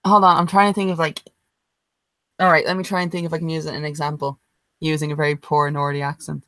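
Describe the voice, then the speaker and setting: A woman's voice: sits low, flat delivery, fast talker, fairly bright tone, no echo, low-quality recording. A hungover woman, co-hosting a podcast over a video call and talking bluntly with swearing and laughs. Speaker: podcast co-host. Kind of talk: casual chat.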